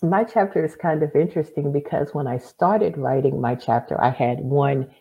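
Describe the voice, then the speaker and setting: This rough recording captures a deep, mellow female voice with vocal fry at a moderate pace. She is a guest and author giving a storytelling interview answer, earnest and faith-filled, frequently performing the dialogue of others as she recounts events.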